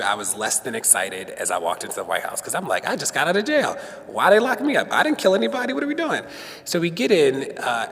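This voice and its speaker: A man giving a conversational speech to an audience as guest speaker, telling stories and acting out quotes. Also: medium pitch. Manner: storytelling with acted-out quotes. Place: synagogue hall. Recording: long hall reverb.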